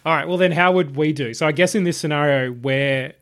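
A man's voice: fairly high pitch, a little fast, a bit bright. A man hosting a casual podcast about a film and steering the discussion with questions. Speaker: podcast host.

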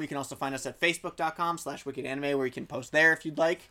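A man's voice: fairly high pitch, fairly even intonation, fast, bright, forceful tone. A young man co-hosting a podcast in casual chat, upbeat and chatty, laughing often. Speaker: podcast co-host.

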